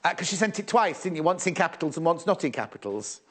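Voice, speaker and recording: A man's voice: on the high side, very animated, fast, slightly rough. A middle-aged man presenting a live sewing shopping show in a TV studio, chatting away, fussing aloud over fabrics and reading out viewer messages. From England.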